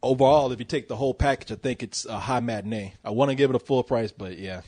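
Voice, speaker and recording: Fast-talking man in a dry room. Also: mid-range voice, darkish tone, no echo. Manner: quick, joking banter. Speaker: film review co-host. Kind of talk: casual chat.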